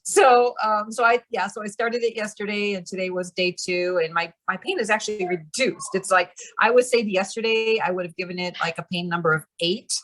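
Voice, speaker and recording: A woman's voice: mid-range voice, fairly even intonation, brisk, few pauses, a bit bright. A woman in a channeling practice group, talking casually and explaining things step by step, with lots of fillers and frequent laughs. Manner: chatty, lots of "like" and "you know", laughs often.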